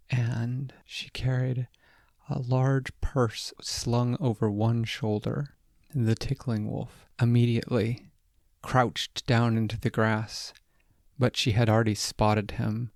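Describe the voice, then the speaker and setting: A man hosting and narrating bedtime stories for children in a gentle, unhurried way. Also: mid-range voice, creaky, dry recording, studio quality. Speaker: host and storyteller.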